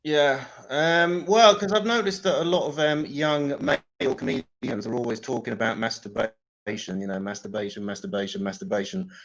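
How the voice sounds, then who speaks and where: A man doing improvised stand-up comedy, deadpan with bursts of loud mimicry. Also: mid-range voice, moderate pace, dull audio.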